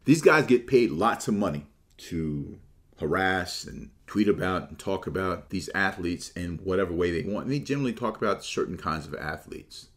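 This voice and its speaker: A man giving a casual, opinionated sports monologue, shifting between relaxed talk and animated, mocking quotes. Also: deep voice, normal speed. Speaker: sports commentator.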